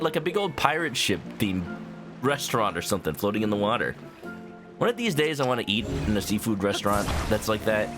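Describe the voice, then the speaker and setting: Lively, joking man streaming a game. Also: lowish voice. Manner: playful, joking, rambling with stammers. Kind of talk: casual live-stream commentary. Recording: game music behind voice.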